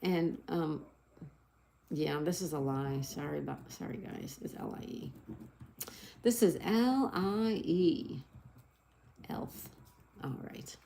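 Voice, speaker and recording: A woman's voice: low voice, big pitch swings, takes it slowly, creaky, long pauses, dark tone, a little hiss or hum. A middle-aged woman hosting a casual livestream, reading out viewer comments and spelling crossword answers letter by letter in a cheerful, chatty way. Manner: apologetic over slips. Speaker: livestream host.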